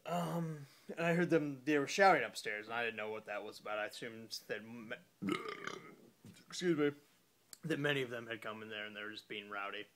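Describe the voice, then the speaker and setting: A young man tells a story into his phone after a few beers, his voice pitched in an ordinary middle register. He rambles and halts, and fills the gaps with fillers and curses. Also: fairly quick, fairly bright tone. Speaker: vlogger. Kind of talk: casual storytelling.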